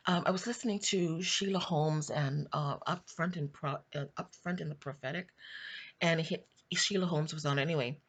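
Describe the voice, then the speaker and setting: A woman with a fairly low voice tells a family story in a loose, chatty way. She backs up, restarts her sentences and laughs as she goes. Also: moderate pace, husky. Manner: rambling, with frequent restarts and laughter. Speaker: online video host. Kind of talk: casual storytelling and spiritual reflection.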